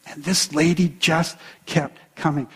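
A man's voice: a little high, fairly even intonation, measured pace, husky, in a large hall. A man preaching a sermon as pastor, retelling a story with voiced quotes.

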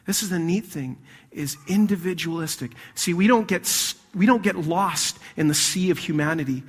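A man preaching a sermon as pastor, animated, swinging between loud emphasis and hushed intensity. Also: on the high side, normal speed, husky, big-room sound.

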